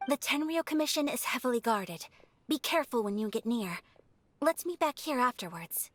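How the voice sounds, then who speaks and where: A man voicing a calm, calculating noble strategist in a game, measured and composed. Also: very high voice, background noise.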